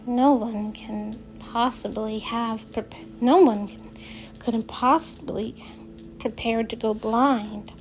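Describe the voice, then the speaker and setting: Woman reading as a soft-spoken teen girl going blind slowly, gentle and unhurried, little bit of hiss. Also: on the high side, fairly even intonation, poor audio. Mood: thoughtful.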